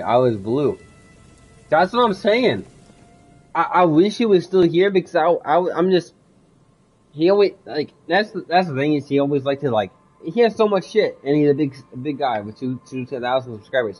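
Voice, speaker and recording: A man's voice: a little high, animated, moderate pace, highs cut off, faint music behind. A young man streaming a game, talking casually in a rambling, effusive way and swearing freely. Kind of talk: casual game livestream with read-aloud.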